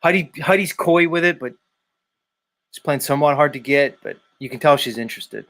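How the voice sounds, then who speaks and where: A man's voice: fairly high pitch, brisk, fairly bright tone. Chatty man bantering with his viewers. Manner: loose, profane banter, greeting viewers by name. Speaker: livestream host. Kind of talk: casual chat reading viewer comments.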